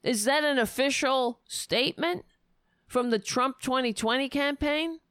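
A woman pours out fierce, sarcastic political commentary, her voice set fairly high and sounding smooth and clear. She rants with heat and profanity, now and then jumping into sudden loud bursts. The recording is close and dry. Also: a little slow, no echo.

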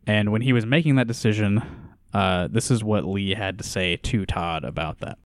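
A man co-hosting a podcast in a relaxed, casual chat, reading book passages aloud and commenting with frequent laughs. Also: lowish voice, moderate pace, slight background noise. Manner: relaxed, laughs often, reads quotes then comments. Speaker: podcast co-host.

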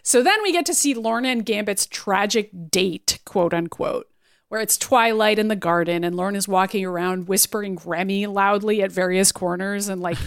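A woman's voice: mid-range voice, moderate pace, gravelly, clean tone, dry recording, clean studio sound. A young woman co-hosting a podcast, recapping a cartoon episode in casual chat, swearing freely and acting out the characters' lines. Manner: animated, swearing, acts out lines. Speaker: podcast co-host.

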